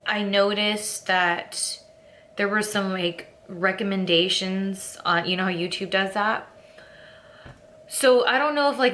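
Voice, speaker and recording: A young woman from California rambles candidly to her camera, full of fillers and quick to laugh at herself. Her voice is bright and a little sharp. She talks at a slow, drawn-out pace. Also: medium pitch, a little hiss or hum. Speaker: vlogger. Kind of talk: casual chat to camera.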